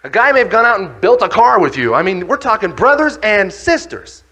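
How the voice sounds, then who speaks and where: Animated man telling a dramatic story. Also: high-pitched, brisk. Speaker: speaker. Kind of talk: animated religious storytelling talk.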